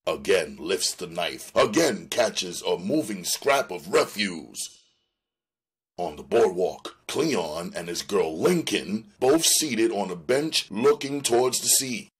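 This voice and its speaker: A man reading a screenplay aloud in a measured, descriptive way. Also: deep voice, lively intonation, slightly rough. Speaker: reader.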